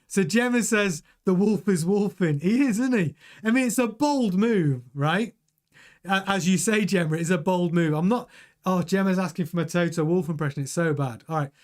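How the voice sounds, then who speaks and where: A man's voice: sits high, moderate pace. A man hosting a live-streamed news show, chatting casually, reading viewer comments and often restarting his words. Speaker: host.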